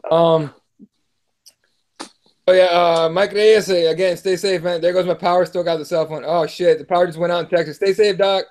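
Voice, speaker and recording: Male host, high voice, relaxed storyteller, reads chat comments. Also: normal speed. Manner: storytelling, laid-back, reads viewer comments. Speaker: podcast host. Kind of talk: casual fight talk.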